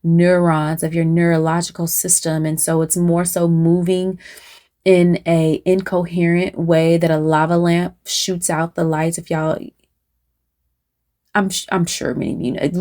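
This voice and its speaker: A woman's voice: low voice, little pitch movement, dark tone. A woman channeling a spiritual message to her viewers. She talks unscripted and meanders, with many fillers and restarts, and keeps checking in with "right?". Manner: addresses viewers directly, asks "right?"; pauses to consult spirit.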